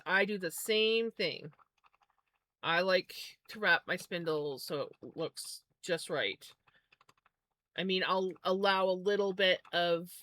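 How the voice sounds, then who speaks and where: A woman's voice: mid-range voice, a bit bright. A woman livestreamer chatting casually and musing aloud while spinning yarn, often correcting herself.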